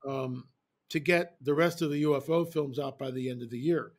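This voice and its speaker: A man speaking as an interview guest, telling stories in an animated, emphatic way and repeating phrases for effect. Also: mid-range voice, moderate pace. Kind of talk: casual interview storytelling.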